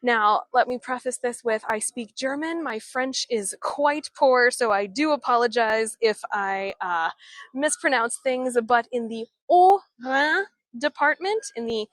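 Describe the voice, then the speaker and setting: A woman leads a live-streamed walking tour outdoors in an old town, chatting casually and answering viewers' comments while holding the camera or phone she turns as she walks. Her fairly high voice is bright and unhurried in a dry recording.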